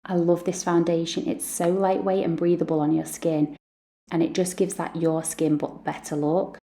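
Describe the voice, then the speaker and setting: Gravelly, low-voiced woman chatting makeup. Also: level tone, moderate pace, dark tone. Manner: chatty and self-deprecating. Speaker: beauty vlogger, mum. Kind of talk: makeup tutorial chat.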